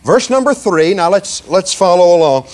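Male preacher with a high voice, emphatic and slow on key words, checks in with the congregation. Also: animated, a little mellow. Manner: emphatic, slows down to stress words, leads the congregation in repeating lines; asks "okay?" and "see?" often. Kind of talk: sermon.

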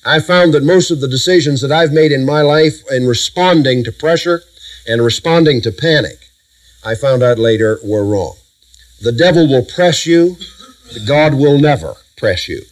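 A middle-aged man preaching a sermon, walking a congregation through Bible verses with emphatic lists and measured pauses. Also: medium pitch, low-quality recording.

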